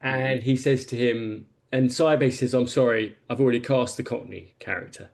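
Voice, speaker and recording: A man's voice: mid-range voice, brisk, vocal fry. A man on a podcast panel, telling a long film anecdote in a rambling, casual way.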